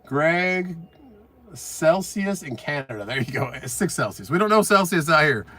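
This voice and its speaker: A man's voice: a little high, sing-song, normal speed, bright, forceful tone. Chatty trucker man on a phone live. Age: middle-aged. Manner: reads out viewer comments, upbeat and chatty. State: a bit out of breath. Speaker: trucker streamer. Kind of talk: casual live-stream chat. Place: truck cab. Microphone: phone on the dash.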